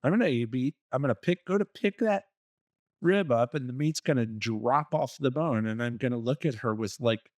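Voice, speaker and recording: A man's voice: medium pitch, normal speed, darkish tone, dry recording, studio quality. A man co-hosting a relationship coaching podcast, giving blunt, profane advice in a casual way and acting out little scenes. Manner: blunt and profane, acts out quoted dialogue.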